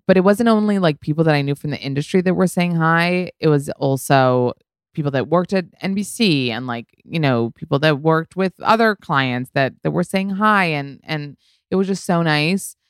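A woman talks through her podcast in a low, smooth voice, recorded close and dry with no room around it. She rambles in casual chat, leaning on "like" and "you know" and letting a swear word slip now and then. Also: normal speed, no room sound. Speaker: podcast host. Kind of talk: casual solo podcast storytelling.

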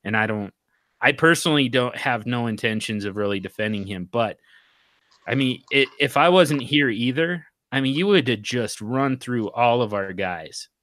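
A man's voice: medium pitch, expressive, moderate pace, a bit bright, no echo. A man hosting a casual podcast conversation, joking and teasing his co-hosts with plenty of fillers. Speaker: podcast host.

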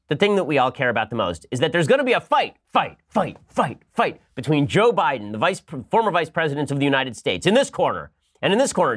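A man hosting a political podcast, reading an ad and giving sarcastic, animated commentary. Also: medium pitch. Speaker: podcast host. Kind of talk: fast political commentary with ad read.

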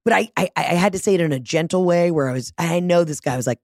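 A woman's voice: on the low side, fast talker, hardly any pauses, a little mellow, dry recording, studio quality. A woman telling a profane, dramatic story in a casual monologue, acting out both sides of phone calls. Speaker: vlogger.

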